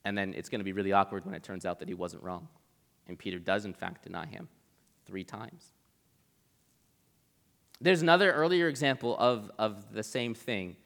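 A man's voice: on the low side, moderate pace, vocal fry, pauses often, fairly bright tone. A young man giving a casual Bible talk as a preacher, chatty and conversational, with lots of "like" in his speech. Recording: long reverb of a large hall.

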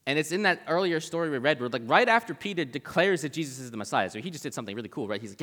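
A man's voice: fairly high pitch, lively intonation, very fast, fairly bright tone. A young man giving a casual Bible talk as a preacher, chatty and conversational, with lots of "like" in his speech. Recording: long reverb of a large hall.

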